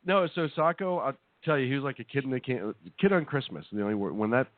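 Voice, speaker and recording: A man's voice: mid-range voice, lively intonation, quick pace. A man co-hosting a talk radio show, chatting casually, joking and laughing often between hesitant restarts. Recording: tinny phone-like sound, dry.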